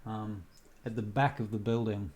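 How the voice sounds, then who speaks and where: A man narrating as game master in a tabletop role-play, pausing often with ums. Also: fairly low pitch, fairly even intonation, darkish tone, slight background noise. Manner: hesitant, many ums.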